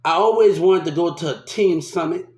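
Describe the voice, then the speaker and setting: A vlogger from New Orleans rambles through a casual story in an echoey room, swearing and repeating himself. His voice is fairly high, at normal speed, with a darkish tone.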